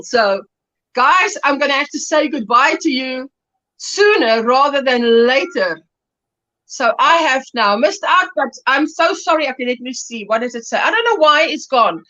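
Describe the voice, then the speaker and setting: High bright South African woman, dull phone audio, apologetic livestream host. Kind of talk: casual livestream chat. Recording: dull phone audio over mobile data.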